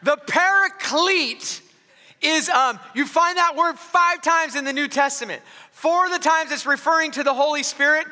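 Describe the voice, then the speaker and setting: A male pastor preaching a sermon in a high, very bright voice, chatty and self-mocking with plenty of restarts. The sound rings out with the long reverb of a large church hall. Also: moderate pace. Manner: conversational, joking asides, frequent restarts.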